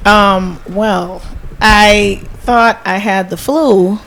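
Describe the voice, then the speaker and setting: Panelist: woman, mid pitch, animated storyteller, faint noise behind. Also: extremely slow, poor audio. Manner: animated, acting out quotes.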